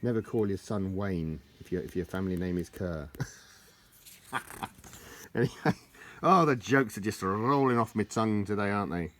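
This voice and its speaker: Jokey low-voiced man rambling. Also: normal speed, long pauses, a bit bright. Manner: joking, chatty, laughs at his own jokes. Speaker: vlogger leafing through an old tartan book. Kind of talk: rambling casual chat.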